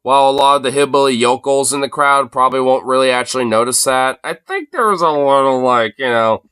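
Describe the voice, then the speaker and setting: A man's voice: medium pitch, brisk, sharp tone, smooth, no room sound. A man live-streaming his reaction to a broadcast, talking in a crude, rambling, mocking way with lots of slang filler. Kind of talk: casual profane live commentary. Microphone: streaming mic.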